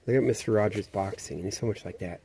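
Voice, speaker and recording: A man's voice: fairly low pitch, fast, mellow, breathy edge. A man rambling through a profane, meandering, conspiratorial monologue.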